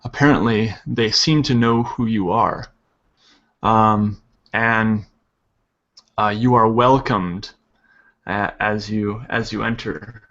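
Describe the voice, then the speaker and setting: A man narrating as game master of a tabletop game, halting with many pauses and fillers. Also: fairly low pitch, fairly bright tone, muffled recording.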